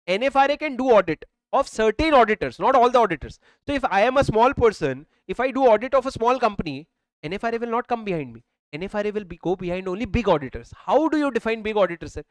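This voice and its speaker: A man's voice: sits high, expressive, fast talker, no room sound, low-quality recording. A man with an Indian English accent teaching law to a live class, emphatic and repetitive, often calling students "sir", speaking into a mic. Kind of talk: classroom lecture. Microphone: handheld or worn mic.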